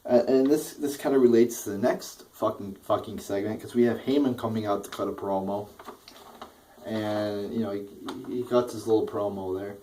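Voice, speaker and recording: A man's voice: lowish voice, steady tone, moderate pace, mellow, distant mic, a little hiss or hum, low-quality recording. A young man ranting through a wrestling show review, exasperated, swearing constantly and repeating himself.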